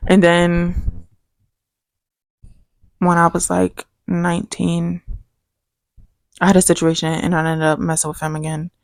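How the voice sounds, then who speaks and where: Young woman, casual podcast co-host, low-ish voice, dry close mic, animated storyteller. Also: unhurried, vocal fry, long pauses, no echo. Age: young adult. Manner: animated storytelling, acts out quotes with big pitch jumps. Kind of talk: casual chat.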